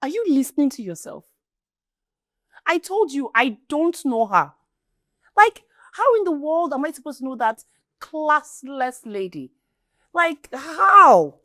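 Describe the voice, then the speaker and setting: A woman's voice: high-pitched, big pitch swings, a little slow, pauses often, dry recording, studio quality. An actress playing a young woman, defensive and pleading against accusations in a Nollywood film. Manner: defensive, pleading, on the verge of tears. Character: young woman denying accusations, self-pitying.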